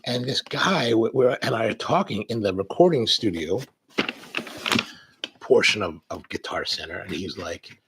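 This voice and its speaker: Gravelly-voiced man chatting while unboxing. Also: lowish voice, animated, normal speed, fairly bright tone, a little hiss or hum, rough recording. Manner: rambling, chatty storyteller. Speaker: coffee channel host. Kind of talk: casual live-stream chat.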